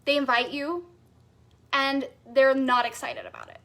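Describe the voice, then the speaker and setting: High-pitched, bubbly woman coach; enthusiastic live-class teacher. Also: fairly even intonation, a little slow, creaky, bright, forceful tone. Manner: bubbly and enthusiastic, reads out chat comments. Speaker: business coach.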